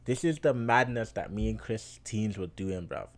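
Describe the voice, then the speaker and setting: A man casually talking fantasy basketball to his viewers in a chatty, slangy way, getting loud and excited over close wins. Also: lowish voice, moderate pace, few pauses. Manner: chatty, slangy, addresses viewers as bro and guys.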